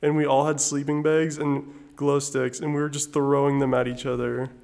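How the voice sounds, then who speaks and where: A man's voice: a little high, flat delivery, moderate pace, creaky, a little mellow. A man in his twenties, a podcast guest who talks eagerly about old memories and giggles often. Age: 20s. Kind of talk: casual chat.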